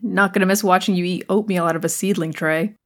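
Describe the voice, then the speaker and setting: A dry, sarcastic young woman, endlessly exasperated with her roommates, as played by a woman. Her voice sits slightly low, and her lines are from a comedy audio play. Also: fairly even intonation, fast talker, close to an everyday voice.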